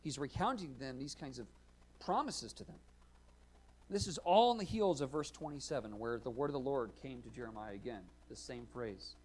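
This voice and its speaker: A male pastor preaching a sermon, earnest, asking rhetorical questions, rising to emphatic points and dropping to quiet asides. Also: mid-range voice, expressive, normal speed, husky, poor audio. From United States.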